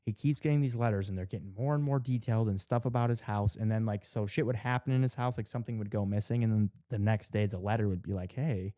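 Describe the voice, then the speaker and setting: Low, dark-voiced man telling a story. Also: fairly even intonation, fast, few pauses, no room sound, clean studio sound. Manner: heavy swearing, many "like" fillers, acts out quotes. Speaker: podcast co-host. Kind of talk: casual chat, retelling a show's plot.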